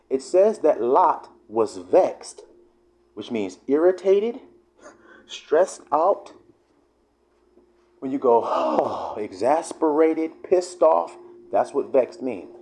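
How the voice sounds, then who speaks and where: A man's voice: fairly high pitch, vocal fry, darkish tone. A man preaching in a fiery, emphatic, profanity-laced sermon style. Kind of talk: street-style sermon vlog.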